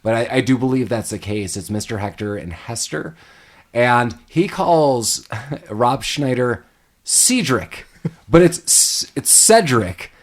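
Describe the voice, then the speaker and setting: Male podcast host, casual movie chat, animated, slips into quoted voices. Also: mid-range voice, measured pace.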